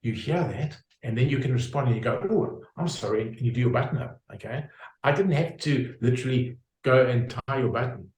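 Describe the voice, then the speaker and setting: A man's voice: mid-range voice, expressive, fairly quick, darkish tone, echoey room, low-quality recording. A man explaining his homeopathic practice in an interview, using homely examples with frequent fillers and restarts. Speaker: homeopath guest.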